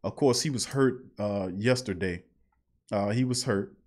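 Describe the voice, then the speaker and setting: A man's voice: on the low side, measured pace, a little mellow. A man hosting a live call-in sports talk show, talking in a heated, emphatic way and repeating his points.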